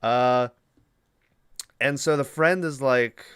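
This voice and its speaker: A man's voice: mid-range voice, a little slow, smooth, dry recording, studio quality. A man hosting a podcast, casually retelling a movie plot in a rambling, profane way with lots of fillers. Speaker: podcast host.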